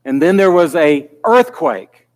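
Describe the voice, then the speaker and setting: A man's voice: on the high side, expressive, unhurried. A man preaching a sermon in an earnest manner that builds to pleading intensity.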